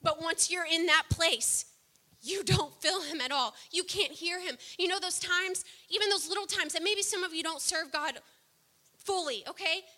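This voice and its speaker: A woman preaching a sermon, impassioned, swinging from soft, low passages to loud outbursts. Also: moderate pace.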